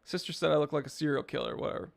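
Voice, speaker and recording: A man hosts a casual live stream, answering viewers' chat messages in a relaxed, meandering way full of fillers. His voice sits fairly high for a man and carries a noticeable gravelly fry. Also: very fast. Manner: laid-back, rambling with fillers.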